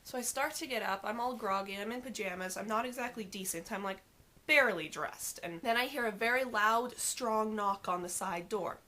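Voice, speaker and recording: A teenage girl telling a vlog story in an animated, sarcastic and exasperated way. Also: mid-range voice, normal speed. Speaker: vlogger.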